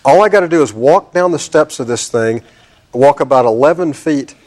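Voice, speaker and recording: A man's voice: medium pitch, lively intonation, normal speed, a little mellow. Guy, middle-aged, telling a long story on a talk show, drawls along, gets worked up. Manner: drawling storyteller, acting out exasperation.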